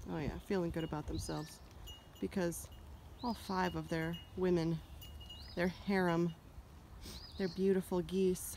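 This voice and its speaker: Chatty woman cooing at farm animals. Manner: chatty, coos at animals in a high sing-song voice. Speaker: farmer vlogger. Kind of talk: casual walk-around vlog. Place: outdoors on a farm. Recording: loud outdoor noise with animal sounds.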